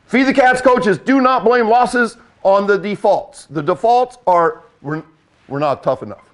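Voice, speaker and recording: A man's voice: high voice, lively intonation, a little slow. An older man and football coach giving a blunt, emphatic talk, repeating key points for effect.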